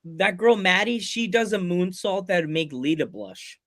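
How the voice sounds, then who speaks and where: A high-voiced man hosts a podcast in loose, casual chat. He rambles through half-started phrases and keeps cracking jokes. He laughs often and drops into playful quoted voices. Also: a bit bright. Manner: rambling, fast restarts. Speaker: podcast host.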